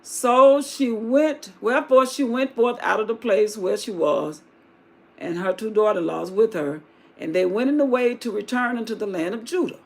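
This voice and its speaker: A woman's voice: on the high side, normal speed, gravelly, darkish tone. A woman hosting a live stream, reading a Bible story aloud and mixing in folksy, slangy asides. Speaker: livestream host reading scripture. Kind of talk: Bible reading with casual retelling.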